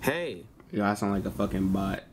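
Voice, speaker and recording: A man's voice: medium pitch, lively intonation, a little slow, background noise. Slangy, swearing male livestreamer. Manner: slangy, swearing, rambling talk to chat. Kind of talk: casual livestream chat.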